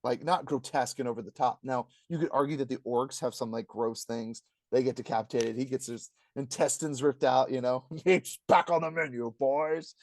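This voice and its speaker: A man co-hosting a casual review podcast, ranting with energy and acting out quotes in a higher voice. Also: a little fast, few pauses, no room sound, clean studio sound. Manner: animated, ranting, acts out quotes in a high voice. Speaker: podcast co-host.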